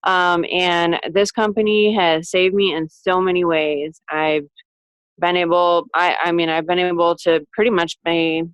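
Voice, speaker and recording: A woman's voice: fairly low pitch, level tone, measured pace, clear, resonant tone, no echo, rough recording. A woman giving an earnest testimonial on a group call, often repeating herself and restarting her sentences. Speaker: team member giving a testimonial.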